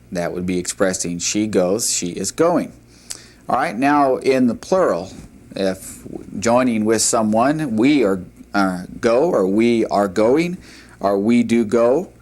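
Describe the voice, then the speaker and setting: Slow, low-voiced man teaching a language. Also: a little mellow. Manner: deliberate, repeats and models pronunciation. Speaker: Hebrew teacher. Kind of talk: slow classroom lecture.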